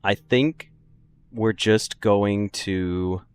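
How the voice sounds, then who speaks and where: A man with a fairly low voice chats casually through a gaming stream. He jokes with his viewers and laughs often, keeping the talk loose and playful. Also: steady tone, extremely slow, smooth. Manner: joking, chatty, laughs often.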